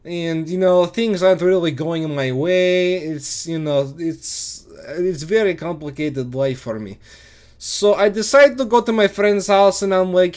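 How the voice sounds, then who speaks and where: A young man telling an absurd comedy story in a rambling, profane, deadpan way. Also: high-pitched, unhurried, smooth. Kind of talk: improvised absurd comedy monologue.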